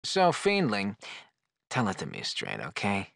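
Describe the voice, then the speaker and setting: Gravelly wisecracking floating skull. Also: male voice, on the low side, wildly swooping pitch, unhurried, fairly bright tone, no echo, heavily acted. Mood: teasing, leering. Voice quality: gravelly, leering, sarcastic. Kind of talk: video game character dialogue. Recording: dry studio voice clip.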